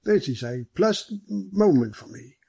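A man's voice: high-pitched, animated, measured pace, creaky, dark tone, slightly rough, no room sound, voice pushed up, exaggerated voice. A man doing a hearty, genial police superintendent. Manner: courteous and hearty. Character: large, genial middle-aged police superintendent.

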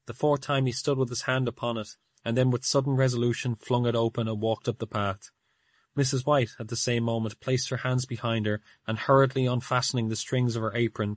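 A man narrates a classic tale at a measured, steady pace, his voice sitting low. The recording is close and dry, with no room sound at all. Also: no room sound. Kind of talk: audiobook story narration.

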